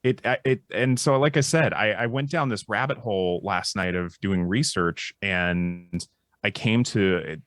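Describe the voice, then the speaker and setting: A man with a very low voice talks through ideas on a panel show. He sounds thoughtful and restarts his sentences often. The sound is dry and close. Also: unhurried, a bit bright, dry recording. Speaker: psychologist co-host. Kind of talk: casual panel discussion.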